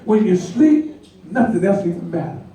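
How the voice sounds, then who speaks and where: A man preaching a sermon in a church, animated and laughing as he acts out voices, with the congregation answering. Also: high voice, moderate pace. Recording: echoey church hall, distant mic. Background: congregation responding.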